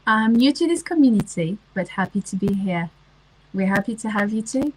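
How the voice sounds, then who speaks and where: A woman's voice: medium pitch, expressive, moderate pace, a little mellow, rough recording. A woman, chatting casually on a livestream and answering comments, with lots of ums and restarts. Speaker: livestream host.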